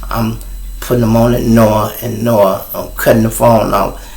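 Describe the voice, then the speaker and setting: A middle-aged man with a Chicago accent, hosting his show and telling a profane, animated story in a casual way. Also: fairly low pitch, moderate pace, gravelly. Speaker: show host. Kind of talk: storytelling on a livestream.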